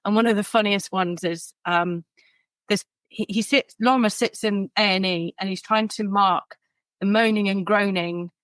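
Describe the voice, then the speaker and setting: A woman's voice: mid-range voice, moderate pace, no echo. A woman, a podcast guest who tells stories vividly and acts out the people in them. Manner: animated storyteller who acts out quoted people. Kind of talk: podcast conversation.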